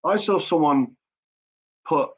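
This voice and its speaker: A man's voice: a little high, slow pace, slightly rough. A man hosting a live chat stream, talking casually in a blunt, sweary and rambling way. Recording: dull lo-fi stream audio.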